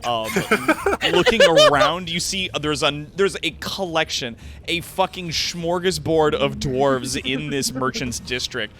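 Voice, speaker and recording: A man's voice: on the high side, sing-song, unhurried, few pauses, a bit bright, a little hiss or hum. A young man narrating a tabletop game as game master, casual, full of fillers and swearing.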